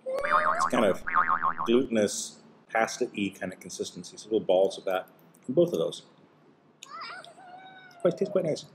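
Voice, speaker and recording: A man hosting a casual taste-test vlog with his son, chatty, explaining things and teasing gently. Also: lowish voice, wildly swooping pitch, measured pace, long pauses, a little hiss or hum. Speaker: host and dad.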